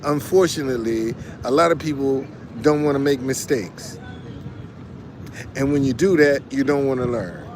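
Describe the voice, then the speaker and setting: A man's voice: mid-range voice, moderate pace, noisy background. A man giving casual, preachy motivational talk, repeating phrases and restarting often, and answering viewers as he goes. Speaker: online commentator.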